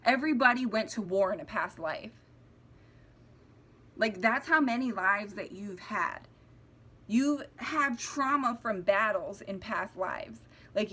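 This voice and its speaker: A woman's voice: fairly high pitch, fairly bright tone, husky. A young woman speaking heartfelt and rambling to her viewers, close to tears, with many restarts and fillers. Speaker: spiritual vlogger. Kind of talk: casual heartfelt monologue to camera.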